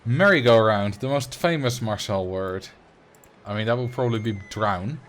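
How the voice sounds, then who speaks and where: A man's voice: fairly low pitch, moderate pace, a bit bright. A man with a Dutch accent whose first language is Dutch, chatting casually on a game livestream and replying to chat, laughing easily and often restarting his sentences. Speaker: game streamer.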